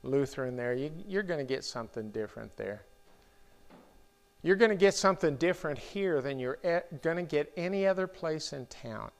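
A middle-aged man preaching a sermon in a church, talking in a slow, halting way with many restarts and fillers. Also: fairly high pitch, animated, gravelly. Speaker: pastor.

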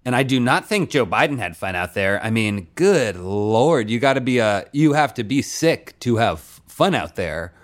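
Guy cohosting a podcast, mid-pitched voice, swears a lot, laughs easy, casual banter. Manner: profane, animated, quick to laugh. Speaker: podcast co-host. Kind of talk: casual comedic chat.

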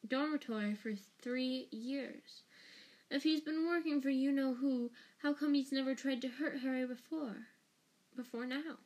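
A woman's voice: sits high, a little mellow, pitched above the performer's own voice. A woman voicing a timid, clever teenage schoolgirl witch who speaks politely and hesitantly.

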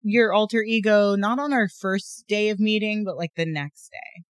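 A woman's voice: mid-range voice, normal speed, dry recording. Giggly, chatty woman podcast co-host. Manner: chatty, giggly, lots of fillers. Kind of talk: casual chat.

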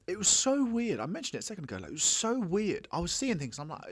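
A man's voice: high-pitched, huge pitch swings, fast talker, husky, dry recording. A man co-hosting a casual film review podcast, sarcastic and swearing freely. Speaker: podcast co-host.

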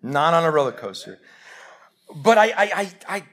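A man's voice: on the high side, normal speed. A man, preaching a live sermon and telling stories directly to his congregation. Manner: animated storytelling, addresses congregation directly. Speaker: pastor. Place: church sanctuary.

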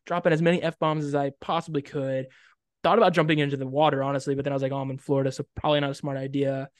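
A young man co-hosting a podcast, telling a story in casual chat with lots of "like" and sudden excited bursts. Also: fairly high pitch, quick pace, clean tone, no room sound, clean studio sound. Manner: animated, loud bursts when reliving excitement, frequent "like". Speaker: podcast co-host.

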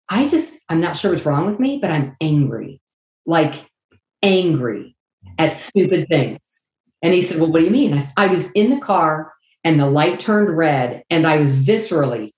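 A woman's voice: deep voice, a little mellow. A middle-aged woman answering an interview question in an earnest, candid way, acting out quotes of her own past words. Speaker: guest. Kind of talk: faith-based interview answer. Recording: echoey room.

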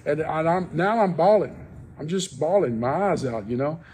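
Soft-spoken man telling a story. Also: fairly high pitch, lively intonation, moderate pace, slight background noise. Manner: soft-spoken, rambling with many restarts. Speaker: podcast guest. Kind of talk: casual storytelling.

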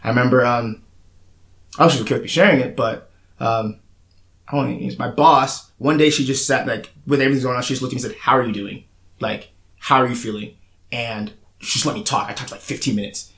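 A man's voice: medium pitch, brisk, fairly bright tone. A man earnestly and reflectively recounting his own experiences in a casual conversation, with frequent "like" fillers. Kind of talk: casual personal account.

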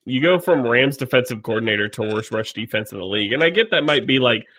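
A man's voice: mid-range voice, animated, fast, a bit bright. A man co-hosting a casual sports talk show, laid-back and musing, often saying "I feel like.". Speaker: podcast co-host.

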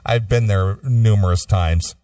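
A man's voice: on the low side, unhurried, warm tone, dry recording, clean studio sound, distant mic. A man in his fifties co-hosting a radio talk show, chatting casually in a laid-back, agreeable way. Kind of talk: casual chat.

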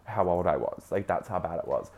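A man's voice: low-pitched, expressive, brisk, darkish tone. A man, telling a dating story in a dramatic, gossipy way with lots of swearing. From Australia. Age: early 20s. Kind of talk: casual gossipy chat.

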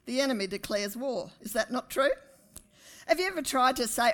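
A woman pastor, preaching a sermon to her congregation with animated, rising emphasis. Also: on the high side, normal speed, pauses often. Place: church.

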